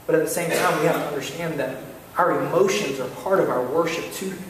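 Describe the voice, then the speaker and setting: A man preaching a sermon, animated storytelling with repeated calls to listen. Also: fairly high pitch, fast, a little hiss or hum. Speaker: pastor. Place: church sanctuary. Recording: echoey church hall, mic far off.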